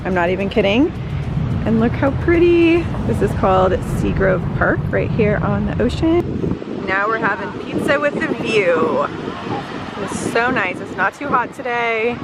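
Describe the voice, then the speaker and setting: A woman's voice: medium pitch, lively intonation, unhurried, over loud music. A woman in her thirties chatting casually to camera in a lifestyle vlog, bubbly and talking straight to her viewers. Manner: chatty, bubbly, addresses viewers as "you guys". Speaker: vlogger, working mom.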